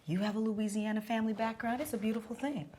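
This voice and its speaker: A woman's voice: on the high side, steady tone, quick pace, darkish tone, slight background noise. A woman hosting a baking show, chatting in a playful, motherly way at the table with her guest. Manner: playful, motherly, laughs a lot. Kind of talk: casual TV chat.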